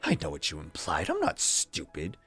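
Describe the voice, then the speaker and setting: A man's voice: rumbling low, huge pitch swings, moderate pace, fairly bright tone, husky, soft background music, voice pushed down, exaggerated voice. A man voicing a cold, arrogant young boss. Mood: contemptuous. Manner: hissing, contemptuous, clipped threats.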